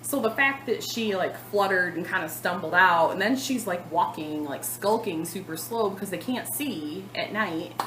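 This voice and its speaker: A woman in her thirties telling a long story to the camera in a casual vlog, chatty and animated, with lots of fillers. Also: on the low side, moderate pace, few pauses, reverberant, background noise. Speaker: cross-stitch vlogger.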